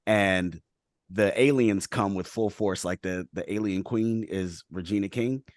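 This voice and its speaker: Guy hosting a group call, kinda low voice, super dry sound, rambles with like and right every other word. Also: unhurried, no room sound. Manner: loose, rambling, heavy on "like" and "right?". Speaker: show host. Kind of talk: casual group chat on a call.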